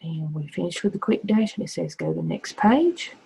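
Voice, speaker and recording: A middle-aged woman teacher explaining phonics to young children slowly and patiently. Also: lowish voice, lively intonation, vocal fry, dark tone, slight background noise, low-quality recording. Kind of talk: recorded phonics lesson.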